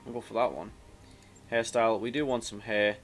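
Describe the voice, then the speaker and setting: A man's voice: on the low side, steady tone, brisk, soft background music. A man casually commenting while playing a video game, reading its story text aloud in a rambling, self-mocking way with many restarts. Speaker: let's play commentator.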